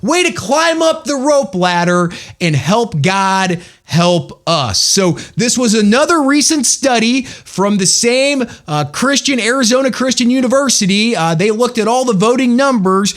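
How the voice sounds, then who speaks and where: Guy hosting a faith podcast, real lively up-and-down voice, tells stories emphatically. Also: very high voice, a little slow, few pauses. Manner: animated, emphatic, folksy storytelling. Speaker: podcast host. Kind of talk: religious podcast commentary.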